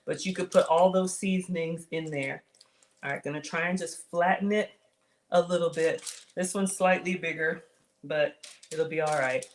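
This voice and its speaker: Speaking at a normal pace in a low, steady voice, this woman chats with viewers during a casual cooking live stream from her home kitchen. She was born in Africa, grew up in the US South, and has a slight Southern drawl. She laughs often.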